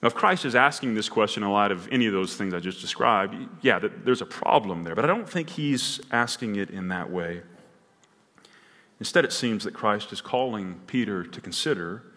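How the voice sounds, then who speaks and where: A man's voice: fairly low pitch, animated, normal speed, bright, forceful tone, big-room sound. A man preaching a sermon in a church, earnest and building to emphatic peaks, often restarting his words. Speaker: pastor. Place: church sanctuary.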